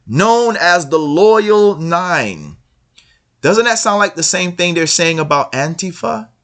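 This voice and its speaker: A man's voice: high-pitched, lively intonation, slow, a bit bright. A man delivering a monologue to listeners, reading from a text and commenting on it with emphatic repetition. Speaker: online commentator.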